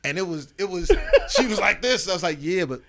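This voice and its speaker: A man in his fifties, a podcast guest telling comic stories in an animated, slangy, profane way. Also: high voice, brisk. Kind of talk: comic storytelling in a podcast interview.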